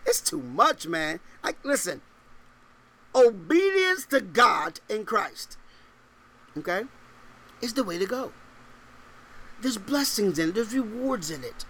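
A man's voice: high-pitched, takes it slowly, long pauses, slightly rough. A male pastor preaching a sermon, reading scripture in old-style English and then firing off rhetorical questions in casual slang. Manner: animated, fires rhetorical questions; laughs between points.

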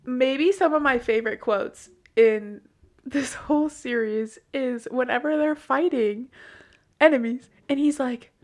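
Woman co-host, teasing and quick to laugh, fairly high voice. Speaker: podcast co-host. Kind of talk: casual book chat.

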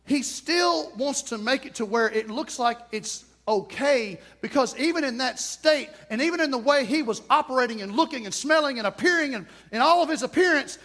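A man's voice: very high voice, expressive, normal speed, hardly any pauses, a bit bright. A man preaching a sermon, emphatic and repetitive, with touches of humor.

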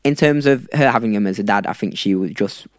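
A young man in his twenties speaking as a podcast guest in a slightly low voice. He talks casually, pausing and restarting his sentences often. The recording is dry and close. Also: dry recording. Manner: hesitant, frequent restarts, warm and informal. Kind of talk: casual chat.

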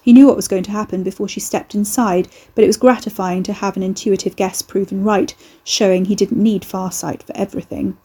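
Woman, audiobook narrator, husky tone, mellow, steady storytelling. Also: mid-range voice, a little fast, few pauses. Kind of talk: scripted narration.

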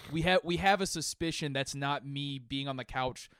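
A man co-hosting a podcast, bantering casually with lots of swearing, quick laughs and mock voices. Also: mid-range voice, fairly bright tone, clear, resonant tone, no room sound, studio quality. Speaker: podcast co-host.

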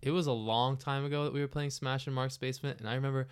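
A young man co-hosting a casual podcast, telling an animated anecdote through laughter. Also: medium pitch, fast, clear, resonant tone. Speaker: podcast co-host. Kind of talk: casual chat.

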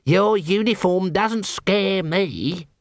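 A man's voice: fairly high pitch, slow pace, a little mellow, dry recording, clean studio sound, voice pushed up. A man voicing a young male assassin who sneers and then stammers nervously.

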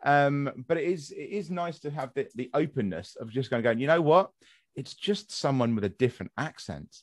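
A man's voice: mid-range voice, animated, normal speed, dry recording, studio quality. A young English man hosting a casual podcast chat, rambling with lots of fillers and restarts. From England. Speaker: podcast host.

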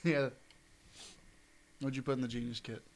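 A man's voice: mid-range voice, fairly even intonation, normal speed. A man hosting a podcast in a casual chat, who steers the topics and laughs often. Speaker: podcast host.

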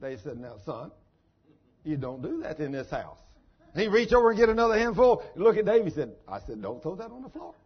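A man's voice: high-pitched, sing-song, a little fast, breathy edge. An older man, a pastor, preaching a sermon in a folksy storytelling manner. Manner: folksy storytelling, down-home phrasing. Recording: dull lo-fi sermon recording.

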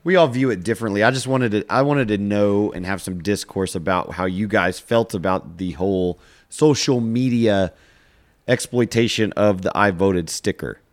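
A man hosting a casual podcast, calmly steering topics and smoothing over arguments. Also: fairly low pitch, moderate pace. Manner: calm, conciliatory moderator.

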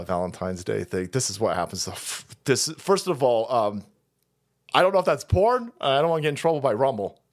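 A man hosting a stream, ranting crudely with mocking asides and frequent laughter. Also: on the low side. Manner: crude, mocking, laughs often, mimics people in voices. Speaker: streamer host. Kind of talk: profane ranting commentary stream.

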